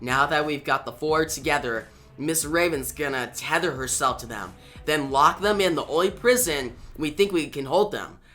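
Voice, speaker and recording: A man reading out a calm, stern superhero's lines, a bit lower and quieter than his narration. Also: moderate pace, soft background music, natural voice. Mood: grave.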